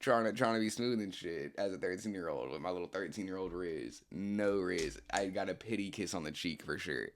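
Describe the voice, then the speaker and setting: A man's voice: deep voice, brisk, hardly any pauses, slight background noise. A man casually telling a story to a friend in a console party chat, laid-back and rambling, full of slang and restarts, speaking into a game headset.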